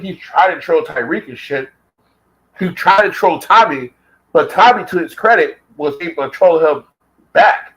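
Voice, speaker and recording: A vlogger's voice, a bit high and a bit bright, comes through a rough recording at an ordinary pace. His casual rant is heated and profane, and he keeps repeating points to hammer them home.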